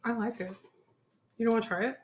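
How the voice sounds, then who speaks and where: A woman's voice: on the high side, fairly even intonation, fast. A schoolteacher hosting a home cooking video, chatting playfully and teasing her daughter while tasting the food. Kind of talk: casual chat. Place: home kitchen.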